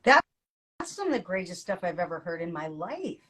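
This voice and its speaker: Woman podcast co-host, animated storyteller, quick to laugh. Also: fairly low pitch, slightly rough. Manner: lively storyteller, laughs often. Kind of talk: casual podcast chat.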